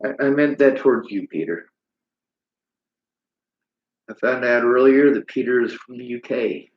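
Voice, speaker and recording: A man's voice: mid-range voice, a little slow. Man, livestream host, bitter preachy rant, reads chat, roomy echo, muffled lo-fi audio. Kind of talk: livestream monologue reading chat comments. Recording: roomy, dull lo-fi sound.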